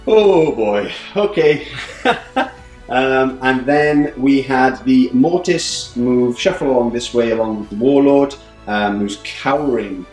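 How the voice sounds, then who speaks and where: A man hosting a tabletop wargame report, talking in a loose, joking way and laughing often. His voice sits at a middling pitch. The studio sounds roomy, with faint music underneath. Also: slow, a little mellow. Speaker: host of a tabletop battle report. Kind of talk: casual game commentary.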